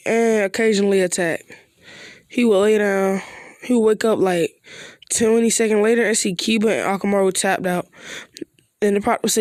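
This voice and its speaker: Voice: mid-range voice, fairly even intonation, normal speed, pauses often, no echo, studio quality. A casual fan storyteller making up an anime what-if plot on the spot, rambling and hesitant with slangy asides. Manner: rambling, hesitant, slangy with many "you know" and "bro". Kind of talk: improvised fan-fiction narration.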